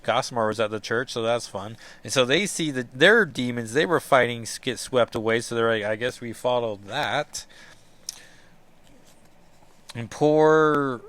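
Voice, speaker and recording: A man's voice: mid-range voice, normal speed, hardly any pauses, a bit bright, dry recording. A man hosting a casual comic book read-along, with joking asides. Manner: chatty, joking asides with laughs. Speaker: comic book reader and podcast host.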